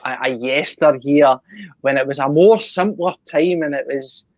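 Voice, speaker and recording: A man's voice: on the high side, normal speed, highs cut off. A Scottish man on a podcast talking passionately, swearing and laughing in casual chat. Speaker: podcast co-host.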